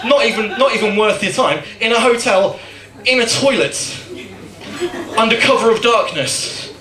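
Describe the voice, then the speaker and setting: A young man from the West Midlands of England rambling through a crude, self-mocking stand-up set. His voice sits high and sounds bright and sharp. It is caught from some distance and rings around an echoey venue. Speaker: stand-up comedian and host. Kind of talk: stand-up comedy. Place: comedy night at a cinema venue. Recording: echoey venue, mic heard from afar.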